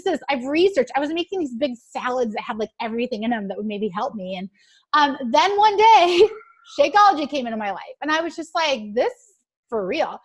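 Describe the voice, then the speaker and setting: High-voiced lady on a team call, chatty, eager, lots of "like" and "you guys". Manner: chatty and eager, many fillers and quoted asides. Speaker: team coach on a training call. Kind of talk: casual talk on a team call.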